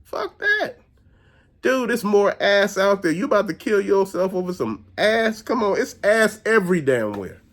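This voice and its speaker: A man's voice: high-pitched, animated, moderate pace, few pauses. A man hosting his own channel, delivering a blunt, profane, preachy rant straight to viewers. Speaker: host. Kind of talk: ranting monologue.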